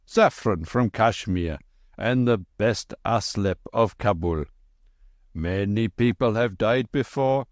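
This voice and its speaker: A pompous quack doctor with a thick, heavy voice, boasting at length about his remedies, as a male narrator reads him. The pace is slow and the sound is dry and close. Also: fairly low pitch, no room sound. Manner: pompous, long-winded. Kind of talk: audiobook character voice.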